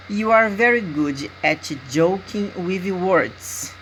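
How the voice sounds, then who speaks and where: A Brazilian woman with a fairly low voice gives an English lesson, speaking very slowly and deliberately. She often checks in with her students with an 'okay?'. A faint noise sits behind her voice. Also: fairly bright tone, low-quality recording. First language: Portuguese. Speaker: English teacher. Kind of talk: recorded language lesson.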